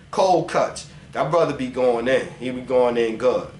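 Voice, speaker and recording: A man speaking in a casual religious vlog. His talk is animated and profane, and he reads scripture slowly. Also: medium pitch. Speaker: vlogger preaching scripture. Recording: roomy echo with faint ambient noise.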